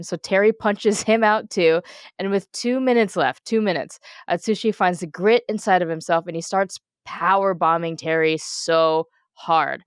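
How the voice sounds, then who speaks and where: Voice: mid-range voice, smooth, no echo, clean studio sound. A podcast co-host in casual chat, animatedly recapping a match, laughing often and swearing casually.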